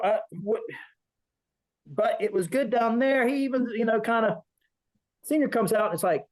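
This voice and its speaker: A man's voice: high-pitched, animated, moderate pace, pauses often, rough recording. A man, a veteran, telling a rambling story in an interview, acting out the voices of people he quotes. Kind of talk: casual storytelling.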